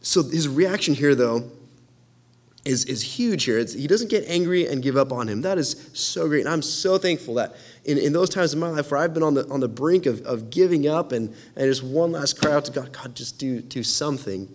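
Young male preacher, earnest and excitable, voice a little high, talks loosely with many restarts. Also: normal speed. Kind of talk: casual sermon.

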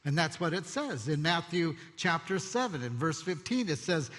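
A man preaching a sermon as pastor, expressive and conversational, telling stories with asides. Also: on the high side, normal speed, hardly any pauses. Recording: long hall reverb.

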